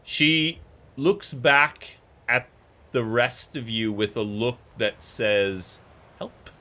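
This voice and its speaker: A man's voice: medium pitch, slow, sharp tone. A man narrating a tabletop game as game master in a loose, chatty way.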